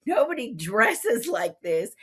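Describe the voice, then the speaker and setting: Lively storytelling woman in her 50s. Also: fairly high pitch, slow, slightly rough. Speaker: interview guest. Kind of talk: animated storytelling.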